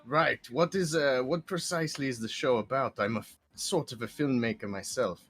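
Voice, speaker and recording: A man voicing a stiff, formal aristocrat with a deep, measured, haughty delivery. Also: a bit bright, slightly rough. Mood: dry.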